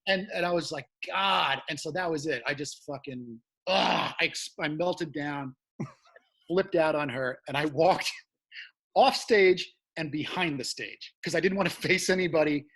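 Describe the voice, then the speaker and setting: Husky profane comedian telling a story. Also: male voice, a little high, unhurried. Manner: animated, profane storytelling with loud acted-out quotes. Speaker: comedian guest. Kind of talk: casual storytelling chat.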